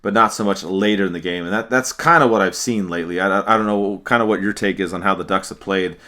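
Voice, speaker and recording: A man co-hosting a casual hockey podcast, speaking in a measured way with frequent restarts. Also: low voice, sharp tone. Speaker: podcast co-host. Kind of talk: casual sports podcast chat.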